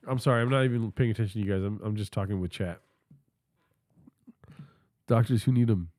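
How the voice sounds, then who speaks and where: Young dude streamer, crude deadpan teasing, lowish voice, dry close mic. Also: male voice, fairly quick, long pauses, no room sound. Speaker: livestreamer. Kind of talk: casual stream chat.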